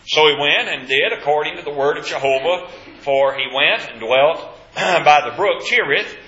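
Bible class teacher guy, kinda high bright voice, dull muffled sound. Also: moderate pace. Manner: asks the class questions, emphatic on key points. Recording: echoey, dull room recording.

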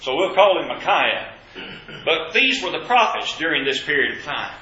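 A man's voice: fairly high pitch, sing-song, normal speed, bright, forceful tone. A man teaching a Bible class, asking questions of the group and stressing key points with emphasis. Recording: echoey, dull room recording.

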